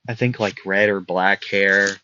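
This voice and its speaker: A man improvising a fan story, narrating haltingly with many fillers and restarts. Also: fairly low pitch, fairly even intonation, bright, forceful tone, slight background noise. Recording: dull lo-fi dry recording.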